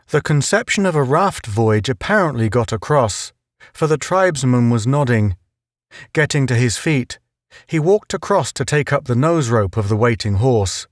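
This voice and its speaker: A mid-range male voice narrates a novel for an audiobook in a steady, measured way. It's scripted storytelling captured in a dry, studio-quality recording.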